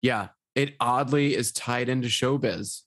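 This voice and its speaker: A woman's voice: extremely low pitch, a little slow, roomy sound. A woman co-host making dry joking asides in casual podcast chat.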